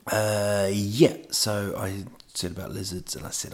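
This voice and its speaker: A man's voice: lowish voice, little pitch movement, a little slow. A man hosting a podcast, telling a rambling comic monologue full of digressions and self-mocking asides. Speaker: podcast host.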